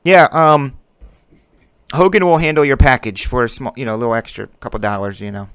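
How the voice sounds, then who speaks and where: A man's voice: mid-range voice, fairly even intonation, brisk, fairly bright tone, clean tone, no room sound, clean studio sound. A man hosting a card-breaking stream, chatting casually and joking as he calls out player names while opening packs.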